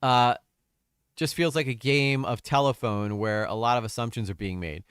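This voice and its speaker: A man's voice: medium pitch, normal speed, fairly bright tone, clear, resonant tone, no room sound, clean studio sound. A man commenting on a stream, crude and exasperated, mocking what he reads.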